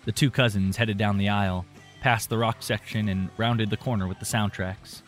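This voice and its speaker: A man narrating an audiobook in a relaxed, reflective storytelling manner. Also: lowish voice, moderate pace, soft background music.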